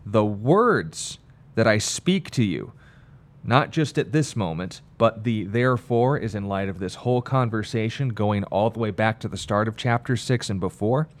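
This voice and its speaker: Low-voiced guy reading bible verses with emphasis, then explaining them. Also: normal speed, hardly any pauses. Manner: reads scripture aloud with pointed emphasis, then explains it. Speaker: Bible teacher. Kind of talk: Bible study discussion.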